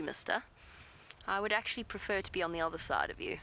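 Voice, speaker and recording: A woman safari guide giving live wildlife commentary outdoors, calm and gentle, talking softly to the animals near her vehicle and answering viewer questions. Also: on the low side, quick pace, vocal fry, a little hiss or hum, rough recording.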